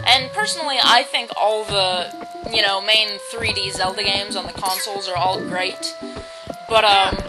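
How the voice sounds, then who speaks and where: A woman hosting a casual video game playthrough, chatty and self-mocking, now and then bursting into loud shouts. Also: medium pitch, moderate pace, poor audio. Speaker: let's play host. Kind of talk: casual gameplay commentary. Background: video game music.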